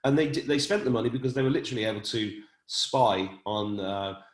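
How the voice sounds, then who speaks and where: A man's voice: medium pitch, a little fast. Blunt male host in an echoey room. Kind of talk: casual conversation.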